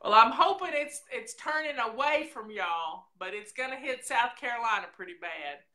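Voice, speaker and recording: A woman's voice: fairly high pitch, expressive, normal speed, sharp tone. A woman hosting a casual livestream, chatting in a folksy, rambling way straight to her viewers. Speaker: show host.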